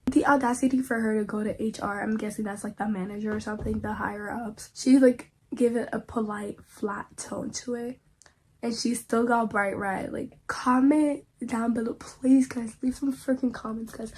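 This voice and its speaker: A woman's voice: a little high, fairly even intonation, normal speed, a little mellow, a little hiss or hum. A woman reading online posts aloud and reacting to them in casual, slangy commentary, often pleading dramatically with her viewers.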